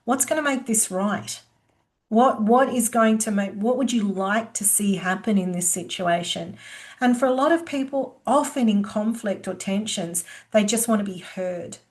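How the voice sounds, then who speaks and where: A woman presenting a workplace skills webinar, teaching in a lively way and acting out quoted lines of dialogue. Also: medium pitch, moderate pace.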